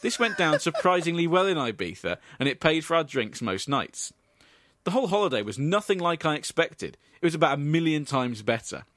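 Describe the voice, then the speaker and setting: Deadpan man telling absurd tales. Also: a little high, a little fast, no echo. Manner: dry, deadpan delivery of absurd stories with asides. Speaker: comedy podcast host. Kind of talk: deadpan comic storytelling.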